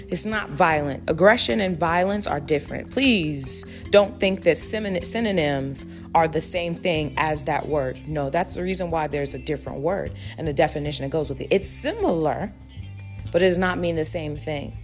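Woman, lower voice, fervent preacherly talk, faint music behind. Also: lively intonation, normal speed. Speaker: Christian parenting speaker. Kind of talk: spiritual teaching monologue.

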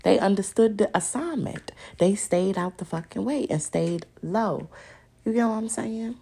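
Female podcast host, gravelly rasp, blunt and profane, animated straight-to-listener rant. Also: medium pitch, moderate pace. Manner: animated, laughs often. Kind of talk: casual chat, open discussion monologue.

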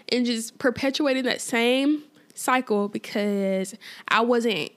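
A woman's voice: a little high, slow pace. A woman hosting a casual faith podcast, talking informally with lots of fillers and repeated phrases for emphasis. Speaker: podcast host.

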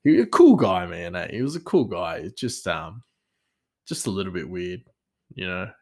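Gravelly low-voiced Australian man rambling. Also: sing-song, moderate pace. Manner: rambling, self-deprecating, laughs often. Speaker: podcast host. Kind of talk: casual storytelling.

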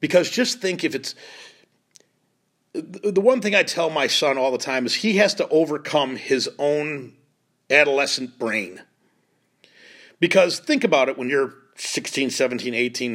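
A man's voice: fairly high pitch, animated, normal speed, fairly bright tone. A middle-aged man hosting a lacrosse show, speaking in an earnest, pleading monologue and often repeating himself. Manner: pleading, emotional, repeats phrases and restarts.

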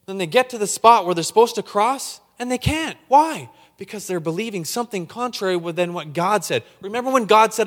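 Man preaching, fired up, stumbling over repeats, slightly high voice, long hall echo. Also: brisk, few pauses. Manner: excitable, gets hyped up when preaching. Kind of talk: sermon. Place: church hall.

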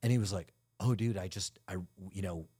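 A man's voice: low voice, a little fast, warm tone, breathy edge. A man co-hosting a podcast, telling a candid, profane story in casual chat and acting out the quotes. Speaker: podcast co-host.

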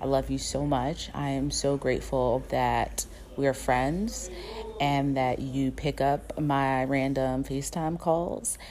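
A woman recording a warm birthday message for a close friend, affectionate but blunt and profane. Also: rumbling low, steady tone, slow.

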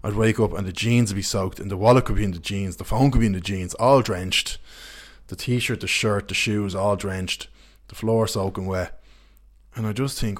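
A young man with a fairly low voice, hosting a casual podcast. He tells candid, rambling anecdotes and swears freely as he goes. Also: moderate pace. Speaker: podcast host. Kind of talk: casual storytelling chat.

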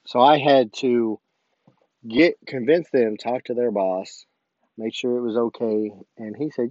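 A man's voice: medium pitch, unhurried, no echo, muffled recording. A man, an army sergeant, casually telling a story about his duty station and acting out the dialogue. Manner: animated, acts out quoted dialogue.

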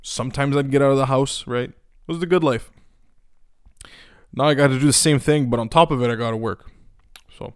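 A man's voice: mid-range voice, brisk, pauses often, clear, resonant tone, no echo, studio quality. A man hosting his own podcast, talking casually in a rambling, joking way with frequent swearing, fillers and restarts. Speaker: podcast host. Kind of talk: casual solo podcast monologue.

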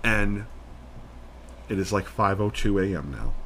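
Low-voiced man telling a rambling story. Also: measured pace, slight background noise. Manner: rambling, animated, full of "like" and acted-out quotes. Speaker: podcast co-host. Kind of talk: casual storytelling chat.

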